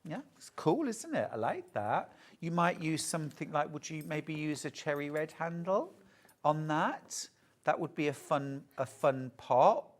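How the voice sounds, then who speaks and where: A woman's voice: sits low, sing-song, measured pace. A middle-aged British woman presenting a live TV shopping show about sewing, chatting and gushing over fabrics.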